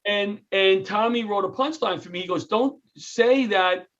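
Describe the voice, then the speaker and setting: A middle-aged man from New York tells stories in an interview with a comic's timing, slipping into other people's lines as he goes. His voice sits high for a man. The sound is a bit dull and lo-fi. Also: a little slow. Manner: animated, jokey storyteller who acts out quotes. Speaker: comedian and retired firefighter, guest. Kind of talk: storytelling interview.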